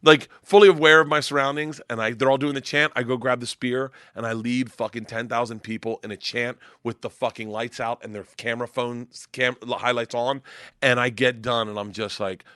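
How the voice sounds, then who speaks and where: A middle-aged man from Florida, a comedian guest telling animated, profane stories and acting out quotes loudly. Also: medium pitch, moderate pace, no echo, studio quality. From Tampa, Florida. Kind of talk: casual storytelling chat.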